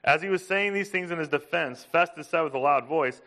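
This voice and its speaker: A man preaching a sermon, emphatic, asking his listeners questions and slowing down to stress a point. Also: fairly high pitch, pushed and bright. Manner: emphatic, asks the congregation questions. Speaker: pastor.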